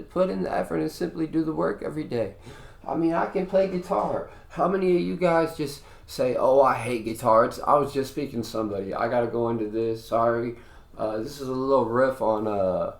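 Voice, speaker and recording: A man's voice: mid-range voice, gravelly, reverberant. A man hosting a podcast, delivering a blunt, heated, profane monologue with a preachy tone. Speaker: podcast host. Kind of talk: ranting monologue.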